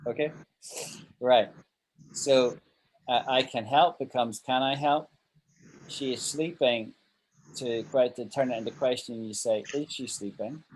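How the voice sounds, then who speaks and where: A man's voice: medium pitch, measured pace, pauses often, rough recording. A man teaching an online English grammar lesson, patiently walking through example sentences and checking that his students follow.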